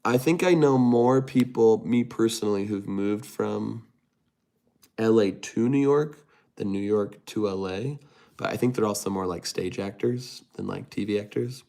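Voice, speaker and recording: A man's voice: fairly low pitch, unhurried, vocal fry, mellow. A young man streaming live, casually reading viewer comments aloud and answering them. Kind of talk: casual livestream chat.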